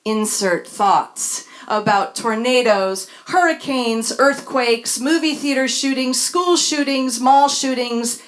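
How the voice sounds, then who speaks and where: A woman's voice: high voice, slow pace, hardly any pauses. A woman reading her own personal essay on a stage in front of a live audience, with a wry, emphatic delivery. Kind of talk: spoken essay read on stage.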